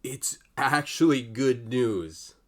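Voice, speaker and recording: Man, tabletop player, slow speech, hesitant, casual. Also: mid-range voice, expressive. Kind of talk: casual chat at a gaming table.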